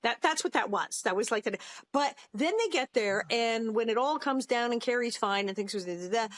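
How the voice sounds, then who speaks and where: A woman co-hosting a podcast, recapping in a casual, sarcastic, animated way and acting out lines. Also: fairly high pitch, moderate pace, no room sound. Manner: animated, sarcastic, acts out quotes. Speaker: podcast co-host.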